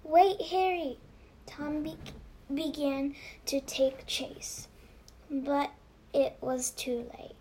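A woman reading a children's novel aloud, slowly and carefully, with restarts and whispered passages. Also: high-pitched, flat delivery, slight background noise. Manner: slow, careful reading with many restarts, dropping to a whisper for hushed moments. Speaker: reader.

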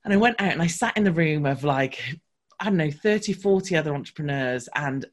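A woman, a guest on an interview podcast, telling a personal business story in a lively, fast-flowing way with frequent restarts. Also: low voice. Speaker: podcast guest, marketing coach.

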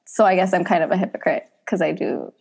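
A woman's voice: lowish voice, quick pace, creaky, darkish tone, breathy edge. A young woman chatting casually as a podcast guest, saying "like" a lot and laughing easily. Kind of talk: casual chat.

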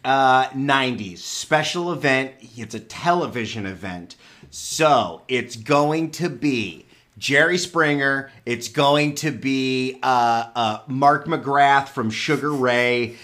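A man co-hosting a podcast, reacting with quick jokes and guesses. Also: medium pitch, a bit bright. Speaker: podcast co-host. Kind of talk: casual chat.

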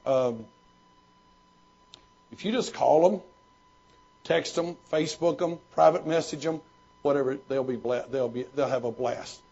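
A man's voice: medium pitch, unhurried, creaky, long pauses, a little mellow. A man, a pastor and former missionary, answering questions in folksy storytelling with many restarts. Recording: dull lo-fi recording.

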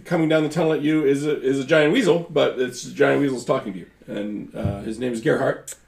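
A man's voice: medium pitch, steady tone, a little fast, gravelly, darkish tone. A man narrating as game master of a tabletop game, hesitant and full of fillers. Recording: roomy echo.

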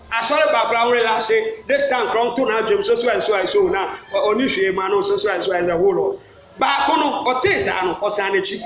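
A Ghanaian man preaching a sermon as pastor, mixing English and Twi, breaking into shouted bursts. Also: very high-pitched, a little hiss or hum. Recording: echoey hall, muffled sound.

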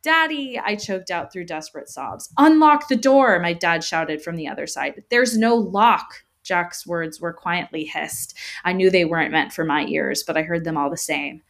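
A woman's voice: low voice, fairly even intonation, normal speed, creaky, hardly any pauses, fairly bright tone. A woman narrating a first-person horror story in a tense, dramatic reading.

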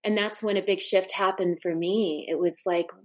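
A woman's voice: on the low side, steady tone, moderate pace. A middle-aged woman telling personal stories to an interviewer, heartfelt and full of restarts and asides. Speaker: guest. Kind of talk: personal storytelling in a conversation.

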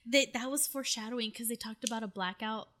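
A woman in casual chat, reacting eagerly with gasps and quick questions while adding her own recollections. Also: on the high side, fairly bright tone. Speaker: listener.

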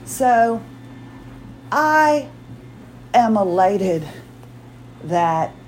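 A woman's voice: medium pitch, very animated, extremely slow, darkish tone, slight background noise, low-quality recording. A woman in her forties hosting her own podcast, talking in a chatty, rambling way, often restarting her sentences and acting out quotes. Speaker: podcast host. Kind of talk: casual solo podcast chat.

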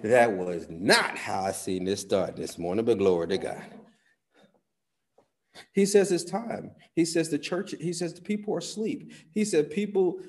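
A pastor preaching a sermon, folksy with "y'all", swinging between loud bursts and hushed asides. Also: male voice, mid-range voice, unhurried. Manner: folksy talk with "y'all" and "ain't".

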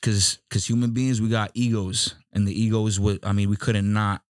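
A man's voice: lowish voice, level tone, normal speed, no room sound, studio quality. A man co-hosting a casual podcast, laid-back, steering the talk with questions. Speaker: podcast co-host. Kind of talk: casual banter.

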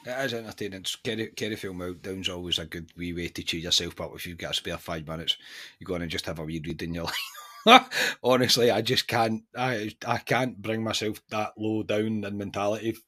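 A man with a Scottish accent hosting a football podcast, chatting casually in an animated, incredulous way with many restarts. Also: fairly low pitch, brisk. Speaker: podcast host.

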